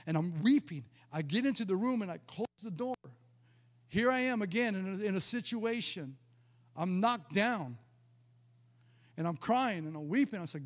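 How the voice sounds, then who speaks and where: A male pastor with a high-pitched voice tells his story from the pulpit. He preaches emphatically and acts out the dialogue vividly. His voice carries a long reverb from the church sanctuary. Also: animated, normal speed. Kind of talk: storytelling sermon.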